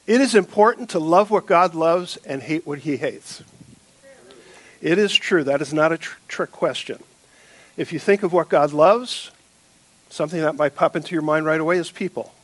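Man preaching with lively humor. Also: a little high, normal speed, no room sound. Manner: quiet solemn prayer. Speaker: pastor. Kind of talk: sermon.

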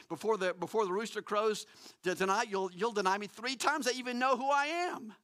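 A man's voice: high voice, brisk, pushed and bright. A man preaching a sermon, emphatic and repetitive, acting out quoted lines.

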